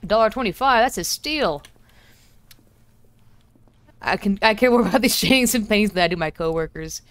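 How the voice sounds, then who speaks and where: A woman's voice: medium pitch, lively intonation, brisk, long pauses, no echo. A woman chatting casually and joking as she streams a game from home. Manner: chatty, joking to herself and chat. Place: home room.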